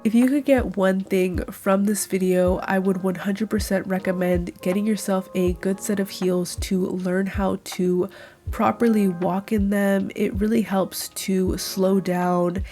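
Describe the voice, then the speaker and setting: A young woman talks through her monthly favorites at an even, unhurried pace, calm and gently enthusiastic. A cold has left her sounding nasal and congested. Her pitch sits in an ordinary middle range for a woman. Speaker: YouTuber. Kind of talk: monthly favorites vlog narration.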